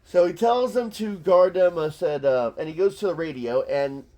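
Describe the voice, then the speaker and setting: A man's voice: fairly high pitch, normal speed, warm tone. A man reading an old comic aloud and breaking off into sarcastic, mock-exasperated commentary. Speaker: comic book reviewer.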